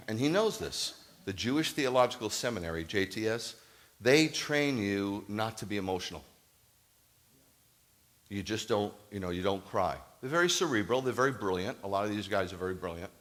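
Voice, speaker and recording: A Messianic rabbi telling a story in a sermon to a live congregation, acting out the dialogue and building to emphatic preaching. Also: male voice, on the low side, normal speed. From United States. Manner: animated, acts out quoted dialogue, rises to emphatic preaching. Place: congregation hall, addressing a live audience.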